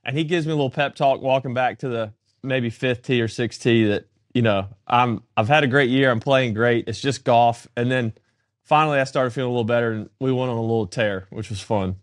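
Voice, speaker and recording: A man co-hosting a podcast tells a story and acts out the back-and-forth dialogue. His voice sits at an ordinary middle pitch. The sound is dry and close, with no room echo. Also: fairly quick. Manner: animated anecdote-telling, acting out dialogue. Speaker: podcast co-host. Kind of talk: casual storytelling chat.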